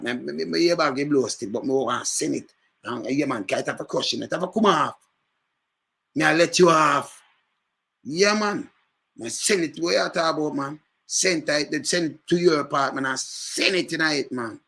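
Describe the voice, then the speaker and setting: A man with a Jamaican accent talks in casual, animated commentary. His voice is bright and husky, and he repeats himself and breaks into loud bursts. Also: fairly high pitch. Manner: animated, emphatic, repetitive with loud outbursts.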